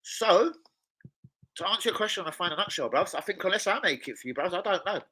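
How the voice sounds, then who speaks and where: Excitable host with a sharp, forceful tone; talks fast and swears constantly. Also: male voice, high voice, rough recording. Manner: rambling, excitable, swears a lot. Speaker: watch-along host; chef. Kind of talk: casual chat.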